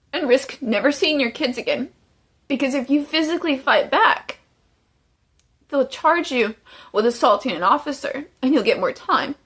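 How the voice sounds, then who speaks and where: A woman's voice: high voice, a bit bright, breathy edge. A woman giving emotional testimony as a former inmate, urgent and pleading. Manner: urgent, pleading, tearful at times.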